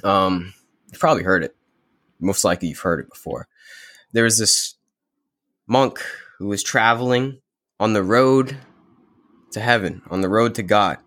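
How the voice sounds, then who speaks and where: Laid-back male guest, low-pitched, relaxed spiritual chat, gropes for words. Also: moderate pace, long pauses, no echo. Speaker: podcast guest. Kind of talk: casual spiritual conversation.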